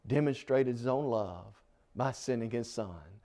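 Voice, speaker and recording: A man preaching a Bible study sermon in a church, quoting scripture emphatically and rising in pitch on the key words. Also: measured pace, mellow. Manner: rises in pitch and force on scripture quotes, emphatic.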